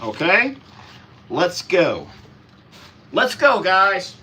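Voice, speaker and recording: A man's voice: sits high, wildly swooping pitch, extremely slow, background noise. A man with a Southern US accent, chatting folksily to viewers in a casual outdoor ranch vlog. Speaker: ranch vlogger. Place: outdoors on a farm pasture.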